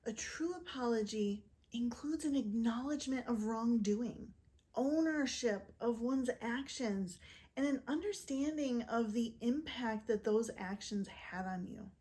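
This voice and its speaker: Woman, educator, fairly high voice, mellow soft tone, clear measured scripted talk. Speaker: physician and narcissistic abuse educator.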